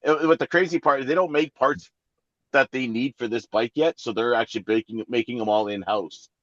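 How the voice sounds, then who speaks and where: A man's voice: mid-range voice, fairly quick, a bit bright, no room sound, muffled recording. A man co-hosting a podcast, a truck driver talking about motorcycles in easygoing casual chat.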